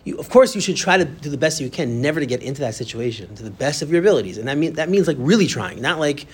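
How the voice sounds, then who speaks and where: Fast, lively man teaching a class. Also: a little high, slightly rough. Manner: animated, talks fast and directly to students. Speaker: Torah teacher. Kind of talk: classroom lecture.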